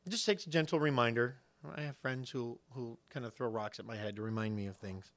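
A man preaching a sermon, earnest and building to loud emphasis as he acts out the replies of God and friends. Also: mid-range voice, fairly quick. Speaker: pastor.

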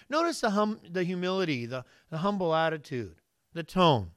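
A man's voice: a little high, expressive, moderate pace, dry recording, studio quality. A man preaching a conversational sermon, reading scripture and asking the congregation questions. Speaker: pastor.

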